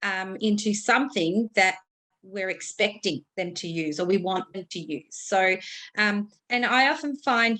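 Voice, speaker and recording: A woman's voice: medium pitch, a bit bright. A woman coach on a panel, explaining patiently and often saying "you know". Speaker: autism communication coach. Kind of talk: panel discussion.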